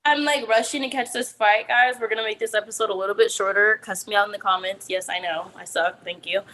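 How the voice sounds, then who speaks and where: A woman hosting a casual podcast chat, making quick dry asides. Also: mid-range voice, steady tone, pushed and bright, rough recording. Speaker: podcast host.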